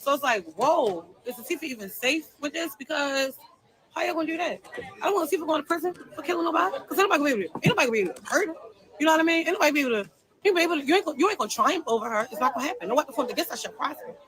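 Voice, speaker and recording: A woman's voice: sits high, lively intonation, very fast, fairly bright tone, rough recording. A woman venting on a livestream, telling her side of a falling-out in an emphatic, repetitive and heated way.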